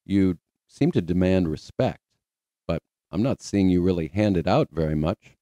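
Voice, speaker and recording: A male host delivers a sarcastic rebuttal commentary. His voice is low and mellow. The recording is close and dry. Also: lively intonation, moderate pace, no echo. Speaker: channel host.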